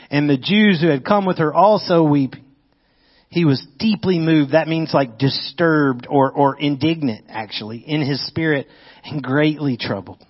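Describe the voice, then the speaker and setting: Impassioned preacher with a drawl. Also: male voice, on the high side. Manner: impassioned, swinging between loud excitement and quiet intensity. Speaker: pastor. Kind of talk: sermon. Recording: muffled lo-fi audio.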